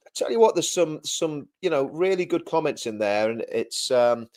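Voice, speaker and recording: Chatty man with a slightly high voice. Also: lively intonation, normal speed, darkish tone. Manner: chatty, repeats himself, laughs often. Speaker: livestream co-host. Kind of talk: casual livestream chat.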